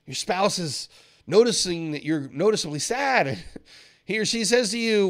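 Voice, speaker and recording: Man, trading educator, seminar lecture, fairly high voice, animated, acts out traders. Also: normal speed. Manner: laughs often while explaining. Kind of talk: seminar-style teaching.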